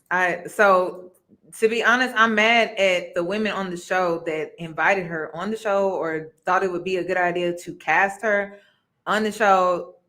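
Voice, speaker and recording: A woman host with a bright, forceful voice. She chats casually and expressively, laughing and turning to speak to her viewers. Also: mid-range voice. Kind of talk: casual reaction chat.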